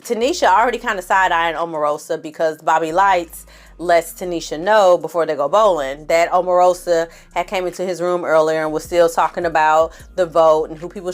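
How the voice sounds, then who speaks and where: With a lowish voice, a woman casually recaps a reality TV episode in an animated, sassy way, adding slangy asides and acting out quotes.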